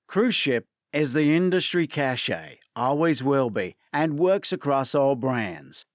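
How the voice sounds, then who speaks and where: A man's voice: mid-range voice, lively intonation, slow pace, no echo, clean studio sound. A man voicing a blunt, sarcastic older American detective in a spoken audiobook. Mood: dry. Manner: curt, sarcastic, dismissive.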